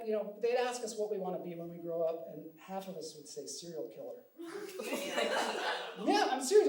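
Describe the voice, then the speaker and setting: Wry middle-aged stand-up comedian, echoey room. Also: male voice, very high-pitched. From Seattle, USA. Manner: wry, self-deprecating, acts out quoted dialogue. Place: live comedy stage with audience. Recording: echoey room, distant mic, audience noise.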